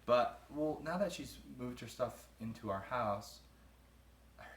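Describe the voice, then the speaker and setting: A man's voice: medium pitch, animated, measured pace, a bit bright, slight background noise. A young man, a groom-to-be, answering interview questions in a casual, rambling way, trailing off and laughing between thoughts. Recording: roomy echo.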